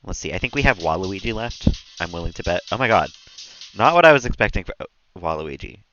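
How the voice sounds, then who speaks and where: A man's voice: low-pitched, expressive, fast, bright, forceful tone, muffled recording, soft background music. A man live-streaming a game, rambling and chatty, often laughing at his own jokes. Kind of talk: casual gameplay commentary.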